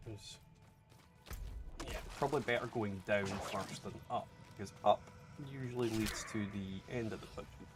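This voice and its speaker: A man's voice: lowish voice, fairly even intonation, unhurried. A man with a Scottish accent, casually chatting and swearing while streaming a game and answering viewer chat. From Scotland. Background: game music.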